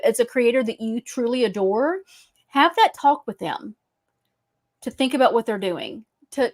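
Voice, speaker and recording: A woman with a Southern, Cajun-tinged accent hosting a casual podcast chat, drawling and laughing often. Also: fairly high pitch. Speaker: podcast host.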